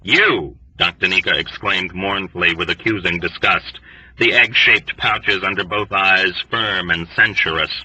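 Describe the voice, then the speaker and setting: A man narrating an audiobook in an expressive, lively storytelling manner. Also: deep voice, moderate pace, slightly rough, no echo, recorded from a distance. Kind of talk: scripted narration. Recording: dry, dull lo-fi recording.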